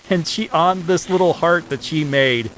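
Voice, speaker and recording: A man co-hosting a podcast, talking casually about an old film in a relaxed way, with filler words and the odd chuckle. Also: fairly high pitch, slight background noise, low-quality recording. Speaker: podcast co-host.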